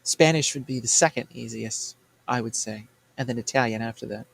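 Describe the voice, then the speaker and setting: A man's voice: mid-range voice, fairly quick, vocal fry, slight background noise. A man chatting casually with friends, telling stories with lots of laughter. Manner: animated storyteller, laughs often. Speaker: podcast host. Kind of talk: casual group chat.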